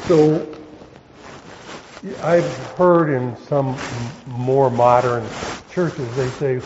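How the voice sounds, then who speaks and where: Explaining a Bible passage one word at a time, a pastor addresses his congregation haltingly, often pausing to correct himself. His mid-range voice is a little mellow, and the audio is dull with a bit of hiss or hum.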